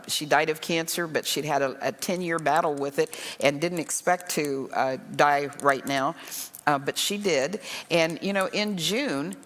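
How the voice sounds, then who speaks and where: A woman's voice: deep voice, a bit bright. An older woman pastor giving an earnest, emotional, conversational sermon to a women's group. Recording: long hall reverb.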